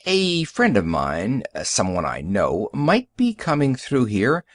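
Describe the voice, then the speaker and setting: A man's voice: medium pitch, wildly swooping pitch, measured pace, no echo. A man reading an audiobook, voicing a careful, hesitant male stranger in a small town. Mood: guarded.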